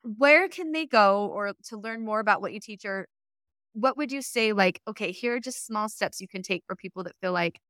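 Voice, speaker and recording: A woman hosting a casual interview, chatty and animated as she tells stories from her own life. Her voice sits at a middle pitch. The recording is close and dry. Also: normal speed, dry recording. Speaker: podcast host.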